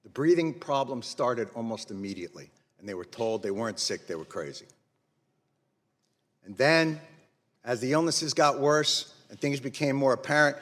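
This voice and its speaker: A man's voice: mid-range voice, lively intonation, moderate pace. Angry man testifying in an echoing hall. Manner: angry, blunt, rising to forceful emphasis. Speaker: witness testifying before Congress. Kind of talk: impassioned public testimony. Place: large hearing room. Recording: long reverb of a large hall.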